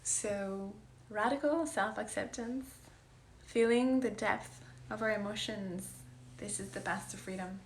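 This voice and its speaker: This wellness coach speaks at a medium pitch and an unhurried pace, her voice sounding roomy with a little hiss or hum behind it. In a casual, heartfelt monologue she presses her points earnestly and emphatically, now and then sinking to a whisper.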